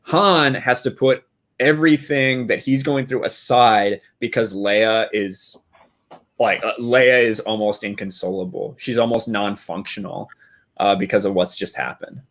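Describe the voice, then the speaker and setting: A man's voice: lowish voice, fairly even intonation, a little slow, fairly bright tone. A man in casual podcast chat who thinks aloud, with many fillers like "uh" and "like". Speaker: podcast co-host.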